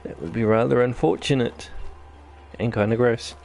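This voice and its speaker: A man's voice: mid-range voice, steady tone, normal speed, creaky, darkish tone, a little hiss or hum. A man with a New Zealand accent giving rambling, jokey let's-play commentary as host of his gaming channel. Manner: rambling, jokey, self-deprecating chatter.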